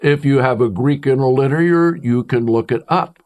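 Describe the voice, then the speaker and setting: A male preacher delivering an emphatic sermon, declaiming with strong swings in pitch and pace. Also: moderate pace, a little mellow.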